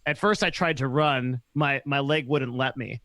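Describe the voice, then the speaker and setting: A man hosting a podcast, telling a personal story quickly and animatedly, often laughing as he talks. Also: medium pitch, fairly bright tone, dry recording. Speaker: podcast host. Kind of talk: conversational storytelling.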